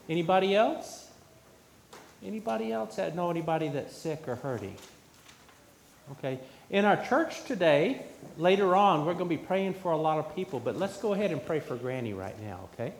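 A man leads a children's sermon and keeps asking the kids questions. His voice sits a bit high and rings through an echoey church, with a faint hum of room noise behind it. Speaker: pastor. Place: church sanctuary.

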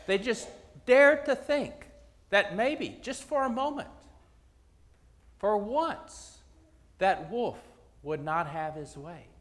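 A man telling a parable in a sermon, dramatic, with long pauses and swings from loud to hushed. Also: high voice, long reverb tail.

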